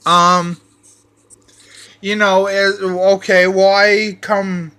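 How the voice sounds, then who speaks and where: A high-voiced man rants in a rambling monologue, circling back over the same phrases. He swears heavily and speaks slowly, dragging out each point. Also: little pitch movement, sharp tone, clear, resonant tone. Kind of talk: rambling profane rant.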